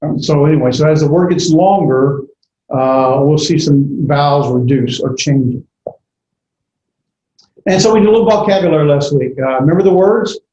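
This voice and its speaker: A man lecturing a class on grammar, pausing often with fillers and correcting himself. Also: on the high side, dark tone. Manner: halting, many fillers and self-corrections. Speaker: Bible language teacher. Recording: echoey classroom, dull lo-fi audio.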